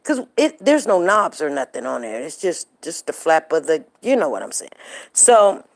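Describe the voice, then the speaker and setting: A woman's voice: deep voice, very animated, normal speed, gravelly. A middle-aged woman hosting a live show, chatting casually and telling stories straight to her viewers. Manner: chatty, storytelling, addresses viewers directly.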